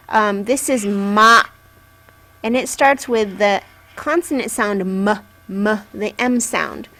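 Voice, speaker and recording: A woman teaching Japanese syllables in a patient lesson, carefully sounding each one out and checking in with the learner. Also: a little high. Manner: patient, clearly enunciating syllables. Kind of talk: slow, patient language lesson.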